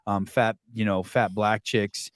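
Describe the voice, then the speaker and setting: A man hosting a podcast, chatting casually and swearing freely, getting animated as he rants. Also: a little slow, no room sound, studio quality. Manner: profane, animated, jumps pitch when ranting. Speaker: podcast host.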